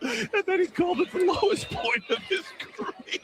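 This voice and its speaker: A man's voice: extremely high pitch, very animated, moderate pace, creaky. A man calling a baseball broadcast, teasing and laughing between calls. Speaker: sports broadcaster. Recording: broadcast clip with ballpark noise.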